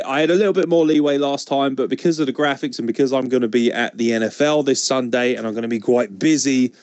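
A man's voice: mid-range voice, no echo, studio quality. A man hosting a casual wrestling podcast, joking and chatty. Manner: joking, mock wrestling promo bits. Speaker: podcast host.

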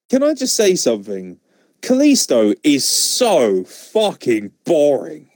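A man's voice: on the high side, wildly swooping pitch, slow pace, darkish tone, dry recording. A man co-hosting a casual review podcast, ranting sarcastically and swearing freely. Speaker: podcast co-host. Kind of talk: casual wrestling review chat.

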